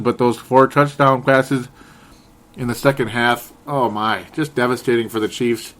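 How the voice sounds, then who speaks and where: A man hosting a sports podcast, recapping games in a casual, sarcastic and animated way. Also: medium pitch. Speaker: podcast host.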